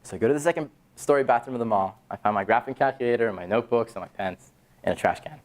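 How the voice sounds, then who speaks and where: A young man in his twenties gives a talk to university students. He tells stories energetically, with a middle-pitched voice that jumps up when he acts out dialogue. His tone is casual and direct. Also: fast talker. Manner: animated storyteller, acts out quoted dialogue with sudden high excited jumps. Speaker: startup founder giving a talk. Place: university event room, audience present.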